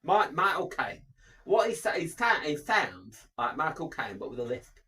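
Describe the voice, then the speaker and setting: Lively, bright-voiced joking man. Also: on the high side, normal speed. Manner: jokey, interrupting, breaks into impersonations. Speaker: podcast co-host. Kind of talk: casual banter podcast.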